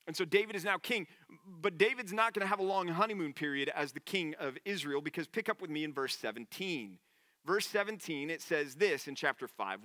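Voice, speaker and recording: A man preaches a sermon, earnest and conversational. His voice sits a little high and sounds bright. The recording is close and dry. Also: lively intonation, fairly quick, dry recording. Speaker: pastor.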